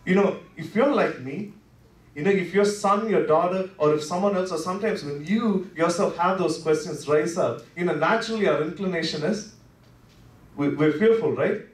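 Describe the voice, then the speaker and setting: A man preaching a Good Friday sermon in a church, talking conversationally with lots of "you know" fillers, dropping to soft, low asides and then rising with passion. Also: normal speed. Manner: swings between soft, low asides and impassioned rises. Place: church worship center. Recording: echoey sanctuary heard from a distance.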